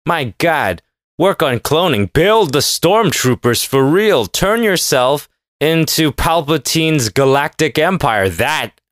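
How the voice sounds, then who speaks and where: Sarcastic, unhurried male podcast host. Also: medium pitch, fairly bright tone, dry recording, studio quality. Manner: sarcastic, rambling, irreverent. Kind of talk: casual solo podcast monologue.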